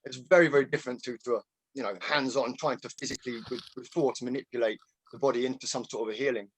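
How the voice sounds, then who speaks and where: A man's voice: mid-range voice, fairly even intonation, fast talker, slight background noise. A man in a casual group chat, explaining earnestly with many fillers and restarts. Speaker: group participant.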